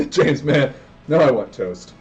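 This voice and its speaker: A man commentating his own card game live, excitable and prone to yelling and tangents. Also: medium pitch, slow pace, dull audio, faint music behind. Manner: excitable, yells in bursts, goes on tangents.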